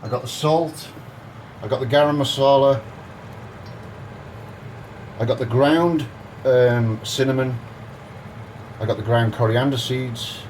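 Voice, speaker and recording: A man's voice: mid-range voice, fairly even intonation, takes it slowly, long pauses, darkish tone, slight background noise, rough recording. A man giving a casual, cheeky and crude cooking demonstration in his home kitchen. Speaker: home cook.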